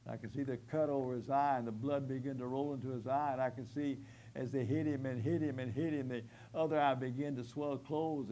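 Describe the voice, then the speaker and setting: A male preacher delivering a sermon with vivid, dramatic storytelling that rises into loud, forceful outbursts. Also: medium pitch, poor audio.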